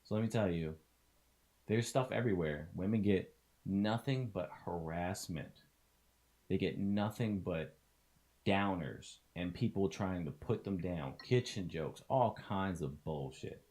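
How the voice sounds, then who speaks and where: A young adult man talking to camera in a casual motivational vlog, blunt and passionate, swearing freely and swinging between low mutters and loud outbursts. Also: measured pace. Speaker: streamer and vlogger.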